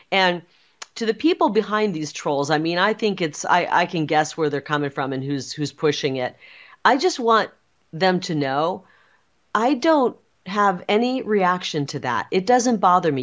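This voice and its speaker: A woman with a very low, deep voice speaks as an interview guest, defiant and insistent. She drives her points home with repetition. The audio is a little dull and muffled. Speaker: political guest. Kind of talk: emphatic interview talk.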